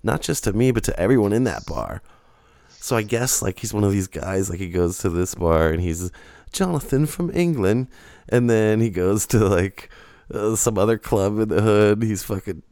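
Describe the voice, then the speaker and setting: A man co-hosting a podcast, telling a long rambling story in a casual, profane and animated way, laughing often. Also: fairly low pitch, normal speed, dry recording, studio quality. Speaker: podcast co-host.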